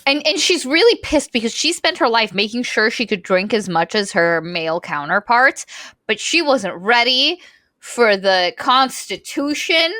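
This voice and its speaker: A woman's voice: a little high, measured pace, no echo. Chatty woman podcaster, dry sound. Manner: animated retelling with many "like" fillers. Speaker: podcast co-host. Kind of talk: casual book discussion.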